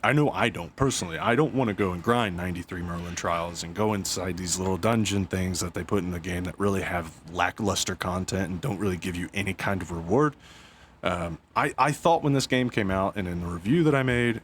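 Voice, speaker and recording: A man's voice: deep voice, fairly quick, a little hiss or hum. A man and father talking casually about a video game, rambling, tripping over his words and laughing at himself. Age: adult with young kids. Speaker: gaming YouTuber. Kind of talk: casual gaming commentary.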